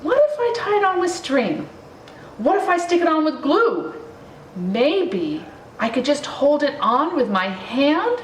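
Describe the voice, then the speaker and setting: A woman voicing a chubby, proud young boy god with an elephant head, in a high, childlike, expressive voice. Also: unhurried, a little hiss or hum. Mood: eager. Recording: roomy, distant mic, faint ambience.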